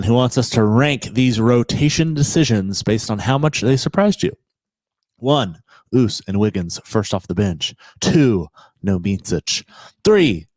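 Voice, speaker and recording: A man's voice: on the low side, no echo. Man reading listener questions on a podcast. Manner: reads out questions then banters briefly. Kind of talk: casual podcast chat.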